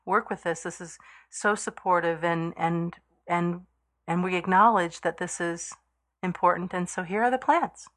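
A woman in a casual conversation, telling a personal story haltingly with many pauses and fillers and laughing easily. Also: on the low side, fairly bright tone. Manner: hesitant, with many fillers and restarts, quick to laugh.

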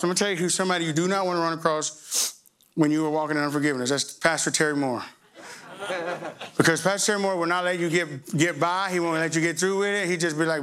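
A man preaching a sermon, telling a personal story with lively, animated delivery and acting out voices. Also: high voice. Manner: animated storytelling, voicing himself and others.

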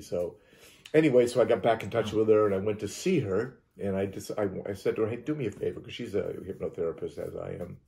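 Low-pitched guy telling his story, lots of restarts and repeats, kinda gravelly. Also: warm tone. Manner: repeats and restarts words, acts out his own reactions. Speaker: hypnotherapist telling his experience. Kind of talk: rambling first-person storytelling.

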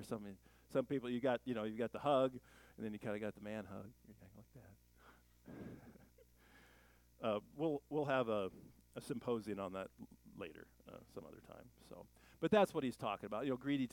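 A man's voice: mid-range voice, no echo, low-quality recording. Folksy joking man preaching a sermon. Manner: joking, rambling, folksy asides. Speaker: pastor. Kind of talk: conversational sermon.

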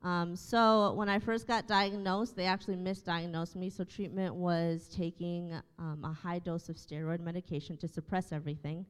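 A woman's voice: fairly low pitch, level tone, moderate pace, few pauses, clear, resonant tone, big-room sound. A woman in her thirties, a church staff member, telling her testimony in an interview with earnest storytelling and many fillers. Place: church room.

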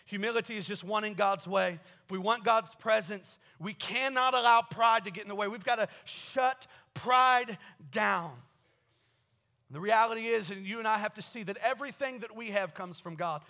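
Male pastor, lively sermon delivery, slightly high voice, joking asides. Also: fairly quick, hardly any pauses. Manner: animated, joking asides, storytelling.

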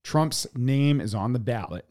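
A man's voice: medium pitch, animated, unhurried, a little mellow. A man co-hosting a podcast, reading political articles aloud with frequent fillers and profane editorial remarks. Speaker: podcast co-host. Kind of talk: reading news articles with commentary.

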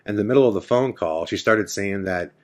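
Man, podcast host, deep low voice, storytelling, acts out quoted dialogue. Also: a little fast. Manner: retelling the scene with quoted dialogue, many "I'm like" asides. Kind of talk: personal storytelling.

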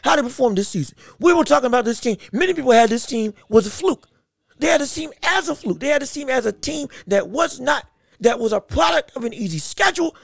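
A woman's voice: sits high, gravelly, no room sound, clean studio sound. A woman sports vlogger giving casual commentary, talking emphatically and repeating phrases for emphasis.

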